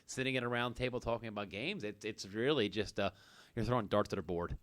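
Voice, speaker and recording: A man's voice: fairly low pitch, quick pace, a bit bright, dry recording. A man hosting a casual sports radio talk show, joking and laughing with his co-hosts. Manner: jokey, laughs often, banters. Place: radio studio.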